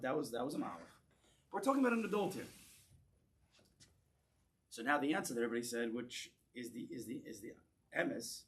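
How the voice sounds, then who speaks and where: A man, a rabbi, teaching a class in a synagogue, animated and drawing in his audience, often restarting words as he goes. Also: medium pitch. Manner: animated, acts out voices in quoted lines, repeats words as he restarts. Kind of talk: lecture with audience discussion.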